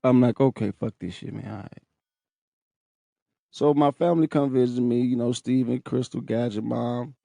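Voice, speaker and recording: A young man recounts his own story on a podcast, candid and profane with open emotion. His voice has a gravelly, fried edge at a middling pitch. The sound is dry and close, with no room around it. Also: fairly even intonation, moderate pace, warm tone, no room sound. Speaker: podcast host. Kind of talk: casual personal storytelling.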